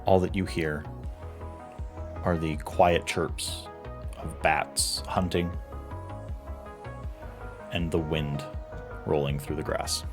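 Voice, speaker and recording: A man narrating as game master, telling a grim scene in a measured, solemn way. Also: rumbling low, steady tone, over music. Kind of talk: slow dramatic narration of a nightmare scene.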